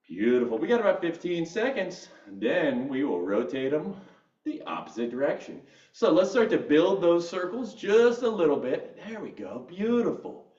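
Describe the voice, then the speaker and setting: A male fitness instructor cues a live workout class, counting down reps in an upbeat, encouraging way. His voice is on the high side with a darkish tone. The recording sounds dull, with roomy echo from a distant mic.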